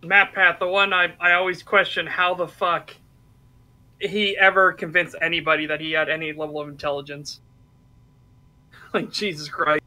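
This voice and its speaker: Bright, high-voiced blunt man. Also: flat delivery, normal speed, poor audio. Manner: blunt, profane, talking while eating. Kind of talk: casual political chat.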